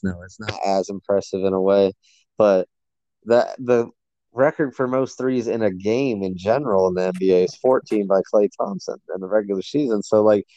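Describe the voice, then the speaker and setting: A man's voice: medium pitch, mellow, no room sound, dull audio. A man co-hosting a sports podcast, talking enthusiastically and rambling with lots of fillers. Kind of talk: casual sports chat.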